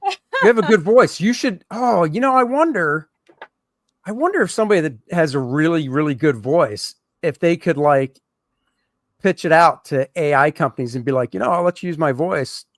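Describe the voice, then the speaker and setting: A man's voice: fairly high pitch, expressive, normal speed, dry recording, clean studio sound. A man co-hosting an interview show, chatting casually and trading teasing jokes with a guest. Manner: joking, teasing banter. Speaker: co-host.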